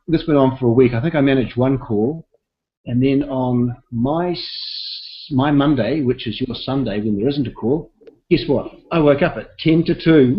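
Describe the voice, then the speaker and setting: A man hosting a team call, chatty and upbeat, rambling with fillers as he welcomes people over a video call. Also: medium pitch. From South Pacific, not Australia. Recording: dull lo-fi call audio.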